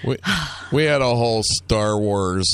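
A man's voice: lowish voice, a little slow, smooth. A man hosting a talk show, bantering in a crude, sarcastic way. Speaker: radio show host. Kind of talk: casual chat.

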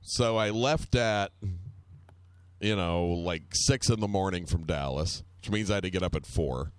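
Brief: male storyteller, deep voice, close and dry sound, loose and rambling with casual cursing. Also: a little slow, clean tone, no echo. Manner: rambling, profane, wry anecdote telling.

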